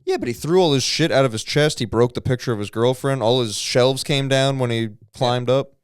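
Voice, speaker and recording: A man co-hosting a podcast, talking in fast, crude, argumentative banter. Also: medium pitch, clear, resonant tone, no room sound, studio quality. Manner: rapid, argumentative, crude joking. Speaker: podcast co-host.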